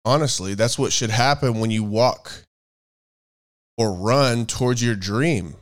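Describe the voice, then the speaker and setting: A man co-hosting a casual faith-based chat, rambling and thinking out loud as he searches for words. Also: medium pitch, a little slow. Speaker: podcast co-host.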